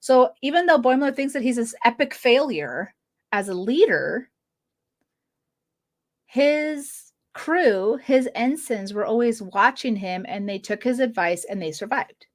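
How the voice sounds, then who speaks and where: A woman's voice: on the high side, expressive. Chatty, giggly woman podcast host. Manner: chatty and giggly, retelling scenes with quick quoted asides. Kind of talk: casual episode review.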